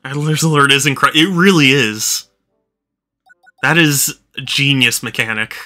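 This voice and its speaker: A man's voice: mid-range voice, unhurried, sharp tone, soft background music. A man doing casual live-stream commentary while playing a video game, tired and yawning, rambling with lots of fillers and restarts.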